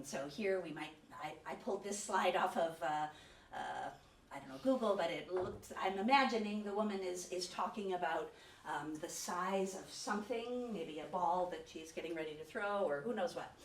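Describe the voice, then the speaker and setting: A woman's voice: lowish voice, a little hiss or hum. A woman researcher giving an academic lecture in a conversational way, with fillers and self-corrections. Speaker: autism researcher giving a talk. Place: lecture room, hybrid session with remote viewers. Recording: roomy, distant lecture-hall sound with faint ambience.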